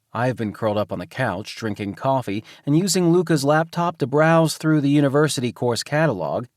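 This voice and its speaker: A man narrating a romance audiobook in the first person, with an even, measured reading. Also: mid-range voice, no room sound, clean studio sound.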